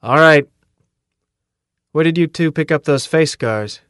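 For an audiobook, a man voices a tough, cocky drill sergeant who sardonically barks and taunts his recruits, pitching higher than his own natural voice. The delivery is on the high side, measured, fairly bright, clear and resonant, in a dry, clean studio recording.

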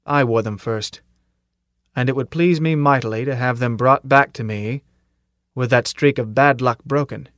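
A man's voice: medium pitch, moderate pace, a bit bright, dry recording, clean studio sound, close to an everyday voice. A man voicing a stern old military commandant. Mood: commanding. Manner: clipped, authoritative, with pointed questions. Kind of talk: audiobook character reading.

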